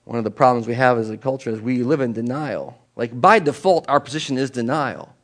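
A middle-aged man preaching a sermon to a congregation, animated and jokey, acting out little voices of people as he tells stories. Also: mid-range voice, a little fast. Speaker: pastor. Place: church in front of a congregation.

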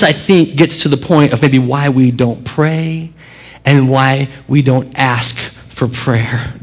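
A man preaching a sermon as a pastor, earnest and expressive, dropping quiet and rising with emphasis. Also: on the high side.

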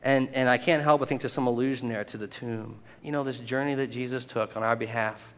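A man preaching a sermon, animated and often laughing, acting out the voices in the story. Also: medium pitch, a little fast, slight background noise. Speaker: pastor. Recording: long hall reverb.

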